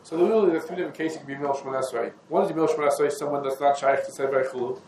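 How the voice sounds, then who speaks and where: A Torah teacher with a medium-pitched, slightly mellow voice speaks rapid-fire through a halachic lesson. He meanders conversationally through the sources, mixing in Hebrew and Yiddish terms, in an echoey room with faint ambient noise.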